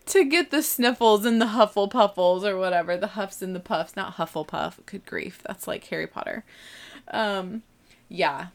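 A woman's voice: mid-range voice, normal speed. Woman rambling thru a story about herself, chatty, pokes fun at herself. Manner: chatty and self-mocking, laughs while telling. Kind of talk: casual personal storytelling.

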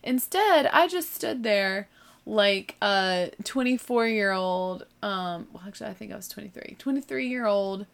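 A woman's voice: medium pitch, animated, unhurried, gravelly. A young woman with a mild Southern American accent, telling a funny story casually, full of "like" and "you know". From southern United States. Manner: chatty, lots of "like" and "you know", self-mocking. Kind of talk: casual anecdote.

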